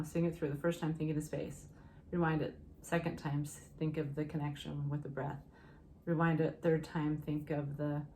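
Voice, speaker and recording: A woman's voice: low-pitched, slight background noise. A woman teaching singing in a casual, encouraging way, often breaking into short sung hymn phrases. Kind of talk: casual vocal lesson with sung demonstrations.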